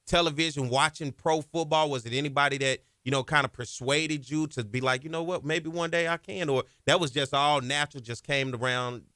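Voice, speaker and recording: A man's voice: fairly high pitch, fairly quick, hardly any pauses, sharp tone, no room sound, studio quality. A man hosting a sports podcast interview, encouraging his guest with frequent affirmations and casual slang. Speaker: podcast host.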